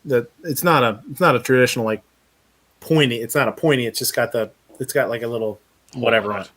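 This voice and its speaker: Male host, casual chat, rambling anecdote, swears, laughs a lot, medium pitch. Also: fast talker, fairly bright tone. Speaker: podcast host.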